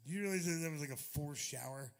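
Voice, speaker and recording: A man's voice: on the high side, quick pace, gravelly. A man in his forties, a touring musician, telling a rambling, profane story on a club stage into a stage mic, laughing often.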